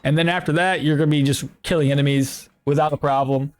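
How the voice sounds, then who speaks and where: A young man talks through his game for a live stream, chatty and rambling as he reads out chat messages. His voice sits a little higher than most men's, and faint music plays behind him. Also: fairly even intonation, quick pace. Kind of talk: casual live-stream commentary.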